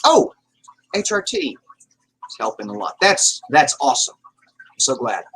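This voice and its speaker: A man's voice: medium pitch, wildly swooping pitch, a little slow, bright, forceful tone, husky, rough recording. A man hosting a casual livestream, rambling as he reads out chat messages and swears offhandedly. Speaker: livestream host.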